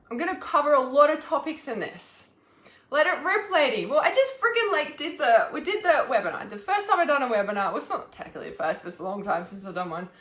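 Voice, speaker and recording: Fuming high-voiced woman ranting live. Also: pushed and bright. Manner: fuming, swearing, halting restarts. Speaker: intuitive healer and mentor, live streaming. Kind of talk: angry live-stream rant. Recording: echoey room.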